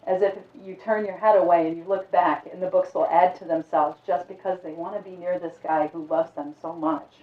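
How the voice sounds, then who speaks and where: A woman telling a dark fairy tale aloud in a conversational, vivid way. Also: lowish voice, steady tone, brisk, few pauses. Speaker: storyteller. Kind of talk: oral storytelling. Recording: echoey, distant, phone-like sound.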